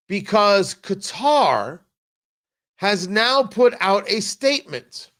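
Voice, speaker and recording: Exasperated, sarcastic high-voiced male host. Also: fairly bright tone. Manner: exasperated, sarcastic, halting with repeated restarts. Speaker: talk show host. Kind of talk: political commentary show.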